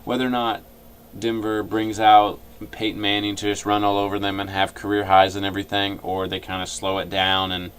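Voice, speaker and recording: Casual male sports vlogger, fairly deep voice, chatty and opinionated, stumbles through fillers. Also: completely flat delivery, a little fast, fairly bright tone, clean tone. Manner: opinionated, rambling with frequent fillers.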